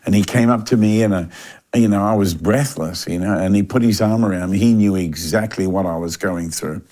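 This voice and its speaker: An older man, telling a long story in a relaxed interview, with lots of fillers and restarts. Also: low-pitched, a little fast. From Australia. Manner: animated anecdotal delivery with frequent fillers and restarts. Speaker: interview guest.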